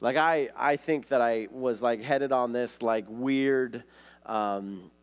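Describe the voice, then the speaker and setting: Speaking slowly in a mid-range voice, a man from Montana preaches a relaxed, story-driven sermon. As a pastor, he frequently leans on "like" and "right?".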